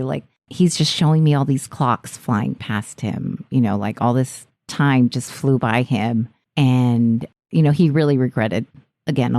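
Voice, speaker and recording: A woman podcast host retelling a haunting story in a casual, animated way, laughing often. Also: deep voice, no room sound.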